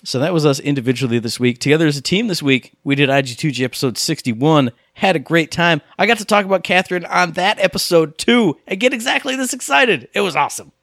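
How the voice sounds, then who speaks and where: A man co-hosting a gaming podcast, chatting casually and rambling excitedly through his stories. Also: a little high, fast talker, creaky, hardly any pauses, no echo, clean studio sound. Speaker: podcast co-host.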